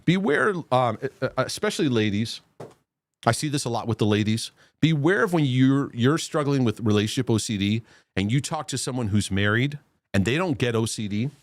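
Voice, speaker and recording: A man's voice: medium pitch, expressive, brisk, dry recording. A man hosting a live question-and-answer broadcast, reading viewers' questions aloud and answering them in an earnest, reassuring way.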